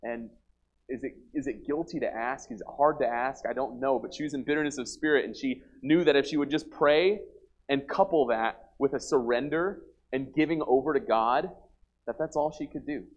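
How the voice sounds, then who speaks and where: A man's voice: mid-range voice, normal speed, dull audio. A man preaching a sermon in an earnest, conversational way, restarting his sentences often.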